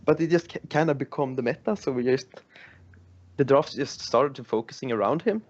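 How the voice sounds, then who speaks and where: A man, an esports player guest, speaking hesitantly in casual chat and pausing to search for words. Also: medium pitch, lo-fi sound.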